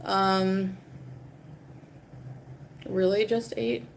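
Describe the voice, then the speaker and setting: A woman's voice: mid-range voice, little pitch movement, very slow, gravelly, slight background noise. Dismissive, rambling woman streamer. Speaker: livestreamer. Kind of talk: casual livestream rant.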